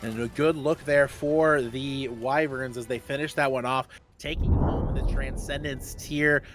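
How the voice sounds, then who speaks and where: A man casting a live esports match as host, calling each play quickly. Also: medium pitch, steady tone, fairly bright tone, faint music behind. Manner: fast play-by-play calls, then groaning through eating spicy jelly beans. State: mouth burning from spicy jelly beans.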